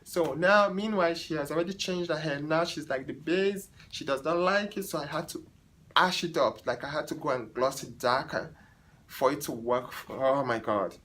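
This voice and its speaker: Animated, exasperated man vlogger. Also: fairly high pitch, normal speed, poor audio. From Africa. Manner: animated, exasperated, chatty, talks to viewers as "guys". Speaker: hairstylist and vlogger. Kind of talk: storytelling vlog.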